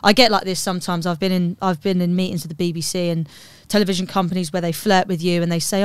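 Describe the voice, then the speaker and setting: A woman's voice: lowish voice, fairly even intonation, quick pace, hardly any pauses, clean tone, no echo. A woman telling a story on a podcast, blunt and swearing freely, acting out both sides of a conversation. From Uxbridge, England. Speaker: comedian and poet guest.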